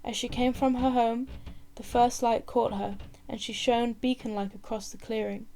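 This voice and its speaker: A woman reading a novel aloud in measured storybook narration. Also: fairly high pitch, flat delivery, creaky, mellow. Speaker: reader.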